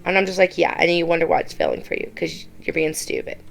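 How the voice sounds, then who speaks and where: A woman's voice: lowish voice, sing-song, quick pace, gravelly, very noisy. A woman YouTuber giving casual reaction commentary, blunt and exasperated, often mimicking the people she talks about.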